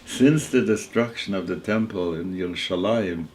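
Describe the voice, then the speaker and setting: A man in his eighties voicing a revered mystic master who pronounces judgment gravely and calmly. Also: low voice, slight background noise, natural voice. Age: 80s. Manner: grave, measured.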